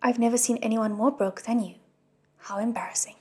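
A woman voicing a gruff, greedy old male scam cultivator in a storybook reading, quarrelsome and scornful. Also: a little high, fairly even intonation, brisk, darkish tone, lightly acted.

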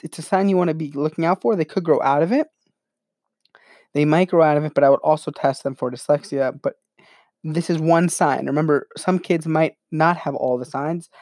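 Young man, casual educational host, rambling with fillers, higher-pitched, dry sound. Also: darkish tone, dry recording. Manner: rambling, self-reflective, filler-heavy. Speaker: channel host. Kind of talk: casual educational talk to camera.

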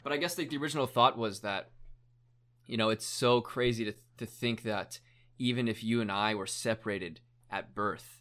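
A man's voice: on the low side, normal speed, fairly bright tone. A young man in casual chat, retelling a documentary story in a rambling way, full of "like" and casual swearing.

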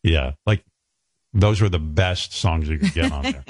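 A man's voice: a bass voice, measured pace, dry recording, studio quality. A man hosting a radio talk show, telling wry, self-mocking stories in casual banter. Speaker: radio host.

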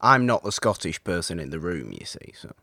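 Teasing man with a lively bright voice. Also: sits low, fairly quick, gravelly, dry recording. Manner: teasing, dry, playful. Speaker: podcast co-host. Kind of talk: casual film discussion.

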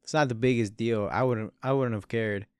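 A man's voice: medium pitch, moderate pace, darkish tone, clear, resonant tone, no echo, studio quality. A man in his early twenties telling a long story in rambling casual talk, swearing a lot and calling the listener bro and dude. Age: 20s. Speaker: podcast host.

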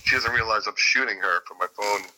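A male music producer and guitarist chats in an interview, telling long stories. His voice sits a bit low but carries a sharp, bright edge. He rambles, restarts sentences and leans on fillers. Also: brisk, slight background noise, low-quality recording. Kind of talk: casual interview chat.

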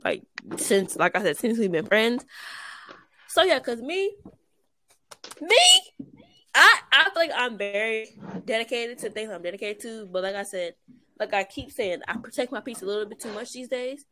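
A woman's voice: fairly high pitch, expressive, normal speed, long pauses, bright, forceful tone, a little hiss or hum. A woman, co-hosting a podcast in casual, chatty talk and laughing often. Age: 20s. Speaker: podcast co-host. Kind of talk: casual chat.

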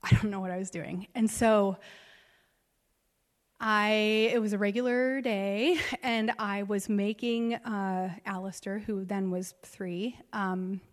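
A woman's voice: mid-range voice, fairly even intonation, slow. A woman in her thirties, a pastor, telling a personal story in a sermon with emotional swings. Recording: long reverb of a large hall.

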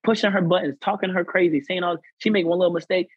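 A man's voice: high voice, quick pace, few pauses, breathy edge, dry recording, dull audio. A man guest on a podcast telling a personal story in casual slang, acting out what others said. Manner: animated, acts out quoted people; conversational American slang.

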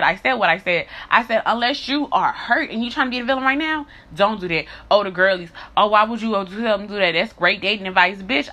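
A woman's voice: mid-range voice, bright, forceful tone. A young woman speaking in a blunt, heated, profane monologue rant to her followers. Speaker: social media creator.

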